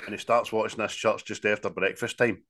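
A Scottish man with a fairly low voice talks a little fast as a podcast co-host in a casual film review chat. He retells the plot in an animated way, swearing and laughing throughout.

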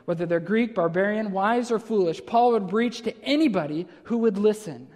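A man's voice: high voice, moderate pace, hardly any pauses, darkish tone. A man from Wisconsin with a Wisconsin accent, preaching an expository sermon; he explains patiently, repeats phrases and builds to emphatic lists. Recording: long reverb of a large hall.

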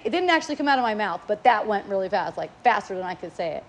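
Middle-aged woman, high voice, casual spiritual teacher, playful, laughs often. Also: very animated, fast talker, hardly any pauses.

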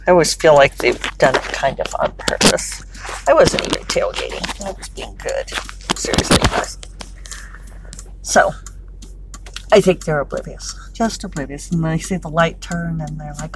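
A woman's voice: sits low, moderate pace, background noise. A middle-aged woman chatting casually while driving, wry and talkative with laughing asides. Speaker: author podcaster. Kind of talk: casual commute vlog. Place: in a car, driving.

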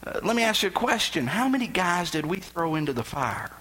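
Boastful ancient king, chatty and high-voiced, put on by a preacher. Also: sing-song, brisk, sharp tone, slightly rough, full character voice, low-quality recording. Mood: casual. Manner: casual, chummy storyteller's voice.

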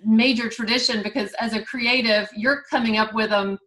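A woman's voice: a little high, fairly even intonation, normal speed, fairly bright tone. A woman hosting a podcast, effusive and encouraging, full of praise for her guest. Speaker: podcast host. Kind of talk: casual interview chat.

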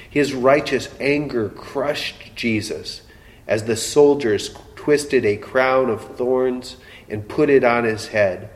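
Male preacher, measured and dramatic delivery, mid pitch, long hall reverb. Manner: slow, dramatic preaching with emotional quoted voices. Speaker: pastor. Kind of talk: sermon.

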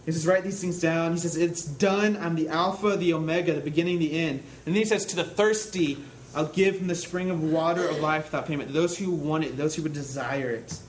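A younger man preaching a sermon in a relaxed, conversational way, often dropping to a soft, hushed voice when he quotes comforting words. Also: a little high, a little fast, slight background noise, rough recording. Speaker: pastor.

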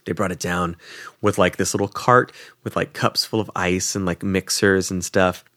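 A young man co-hosts a podcast at a moderate pace, heard in a dry, clean studio recording. Casually telling a travel story, he gets animated and acts out the people in it with abrupt pitch jumps, swearing casually and using fillers like "like".

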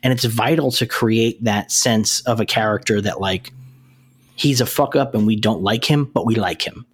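A man's voice: on the low side, normal speed, slightly rough. Male podcast co-host, casual recap delivery, loose and filler-heavy. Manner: rambling, many fillers and restarts.

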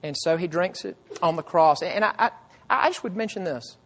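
A man preaching a sermon with earnest emphasis, swinging between loud cries and hushed low phrases. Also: expressive, normal speed, in a large hall. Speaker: pastor.

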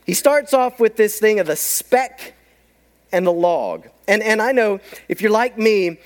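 A man preaching a sermon, telling stories with animated delivery and acting out the people in them. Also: sits high, a little slow. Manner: animated storytelling, acts out quoted voices. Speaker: pastor.

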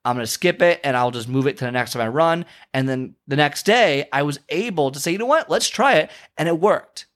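A man's voice: medium pitch, fairly quick, few pauses, a bit bright. Middle-aged male vlogger, casual motivational monologue, conversational and rambling. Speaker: vlogger and speaker.

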